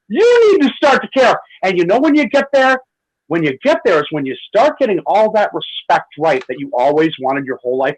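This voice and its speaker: A man's voice: high-pitched, a little fast, slightly rough, low-quality recording. A man hosting a talk radio show, talking with passion and acting out the people he quotes. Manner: animated, acts out quoted voices. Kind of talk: impassioned talk radio monologue.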